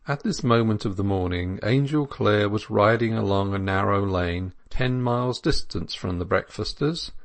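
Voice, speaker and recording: A man reads a classic novel aloud as an audiobook narrator. His voice sits low with a gravelly, creaky edge, and his delivery is measured and even.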